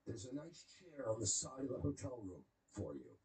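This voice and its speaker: A man hosting a stream, talking in a sarcastic, animated way about someone he mocks. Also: mid-range voice, moderate pace, low-quality recording. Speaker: stream host. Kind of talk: mocking casual commentary.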